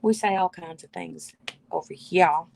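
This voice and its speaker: A woman's voice: fairly low pitch, moderate pace, creaky, a little mellow, a little hiss or hum. A woman hosting a casual live stream from her bedroom, chatting and reading viewer comments aloud. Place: bedroom at home.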